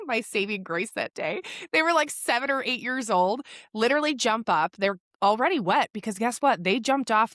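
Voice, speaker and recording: Profane, animated woman storyteller. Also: medium pitch, dry recording, studio quality. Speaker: podcast host. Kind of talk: casual motivational monologue.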